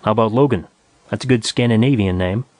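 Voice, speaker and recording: A man doing a gruff, dry rocket inspector. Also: medium pitch, a little fast, darkish tone, dry recording, natural voice. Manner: dry, muttering. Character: gruff middle-aged male rocket inspector.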